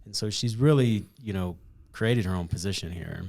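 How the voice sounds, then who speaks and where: A man's voice: fairly low pitch, moderate pace, vocal fry, darkish tone, no echo, clean studio sound. A man hosting a casual conversation, reflective and affirming, often checking in with "right?". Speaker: host.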